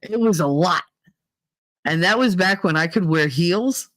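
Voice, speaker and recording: A woman's voice: lowish voice, measured pace, dry recording. Woman, 30s, casual rant, laughing and swearing, dry close sound. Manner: animated, laughs often, swears, acts out quoted voices. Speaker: podcast host.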